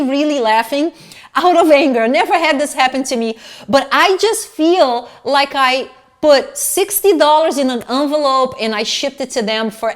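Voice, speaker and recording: Indignant woman venting in a vlog. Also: sits high. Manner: animated, indignant, swearing freely. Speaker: fashion vlogger. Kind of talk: casual vlog rant.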